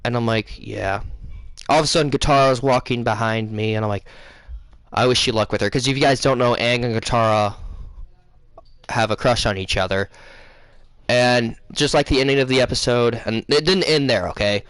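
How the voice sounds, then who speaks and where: A man's voice: medium pitch, a little fast, fairly bright tone, clear, resonant tone, dry recording. Rambling man retelling a dream. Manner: rambling, filler-heavy retelling. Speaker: channel host. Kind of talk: casual storytelling vlog.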